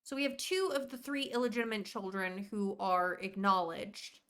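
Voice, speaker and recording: Woman streamer, casual and chatty, mid-pitched voice, greets her chat while she plays. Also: moderate pace, smooth. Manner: chatty, rambling, warmly greets viewers by name. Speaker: live streamer.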